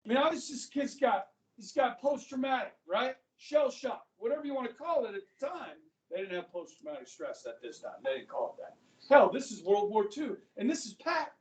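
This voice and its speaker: High-pitched guy teacher, animated storytelling, room echo, mic kinda far. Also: brisk. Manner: animated storytelling, acts out quotes. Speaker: history teacher. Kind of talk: classroom lecture. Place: classroom. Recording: echoey classroom, mic far off.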